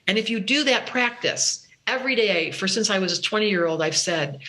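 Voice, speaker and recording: A woman spiritual teacher talking as an interview guest, expressive, acting out her own inner voice. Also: medium pitch, normal speed. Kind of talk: interview conversation.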